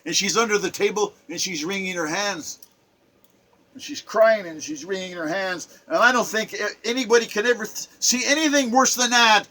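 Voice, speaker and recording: Impassioned high-voiced man preaching. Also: moderate pace, sharp tone. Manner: emotional, preachy, repetitive, with sudden swells and drops. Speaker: online commentator. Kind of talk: impassioned spoken monologue.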